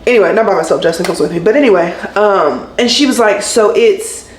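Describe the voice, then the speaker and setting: A young woman, a nurse, telling a story in an animated, exasperated and sarcastic way. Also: medium pitch, fast talker. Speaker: labor and delivery nurse. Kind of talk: casual storytime rant to camera. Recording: roomy room echo with faint ambient noise.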